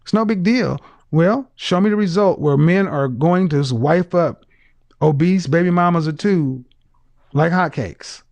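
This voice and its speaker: A man's voice: on the high side, a little slow, a little mellow, no room sound. A man hosting a call-in advice show, bluntly lecturing a female caller and cutting her off. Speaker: dating advice show host.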